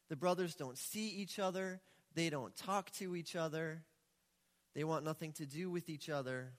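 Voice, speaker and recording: Speaking at a normal pace in a high voice, a male pastor delivers a sermon as a loose, chatty story, often acting out the characters. His words ring through a large hall with a long, trailing reverb.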